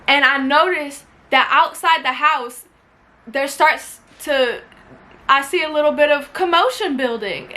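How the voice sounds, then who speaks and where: A woman with a high, bright voice tells a tense story from her own life, straight to camera at home. She talks loose and slangy, swears freely, and jumps into the voices of the people in the story. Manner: animated, slangy, swears freely, acts out quotes. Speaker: vlogger telling a story. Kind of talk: casual storytime. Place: indoors at home near a window.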